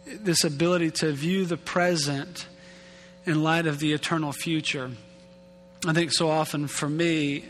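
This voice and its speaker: A male pastor delivers a chatty, self-mocking sermon in a somewhat high voice. His words trail off into a long hall reverb. A faint hum sits underneath. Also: fairly bright tone. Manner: casual, self-deprecating, repeats and restarts words. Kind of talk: conversational sermon.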